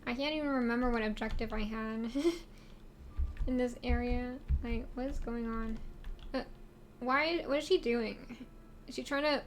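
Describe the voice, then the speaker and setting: A woman's voice: fairly high pitch, steady tone, unhurried, slight background noise. A woman streamer giving casual game commentary, rambling and giggly, asking herself questions as she plays.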